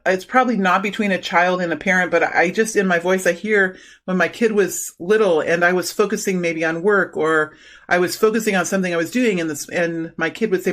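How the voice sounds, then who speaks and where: A middle-aged woman giving an intuitive tarot reading, talking slowly and haltingly with many fillers and restarts. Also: lowish voice, a bit bright. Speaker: tarot reader.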